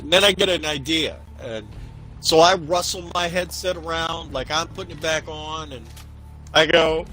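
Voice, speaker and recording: A man casually telling a story with lots of swearing, acting out what each person said in an animated way. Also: a little high, moderate pace, poor audio. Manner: profane, animated, acts out quotes. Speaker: podcast co-host.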